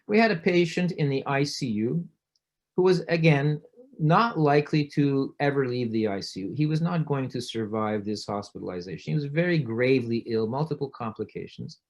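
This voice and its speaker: A middle-aged man, a physician, giving a conversational presentation and telling case stories, acting out what people said. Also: darkish tone. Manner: storytelling, acts out quoted voices with rising pitch. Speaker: physician giving a public talk.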